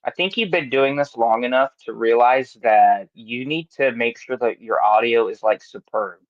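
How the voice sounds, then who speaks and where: A wrestling podcast host chats casually in a studio, blunt and mocking, with plenty of swearing. His medium-pitched voice moves at a moderate pace, and the dull audio has no echo.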